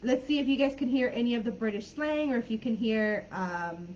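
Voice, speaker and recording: A woman teaching English in a live online class, friendly and chatty, laughing often and filling pauses while she thinks. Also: on the high side, a little mellow, a little hiss or hum. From California. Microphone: video call. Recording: dull lo-fi video call audio.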